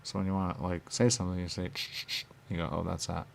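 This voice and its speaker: Talking very fast in a deep, gravelly voice with a level tone, a man loops around his own thoughts, questioning and answering himself, repeating words and abruptly whispering. Slight background noise is audible.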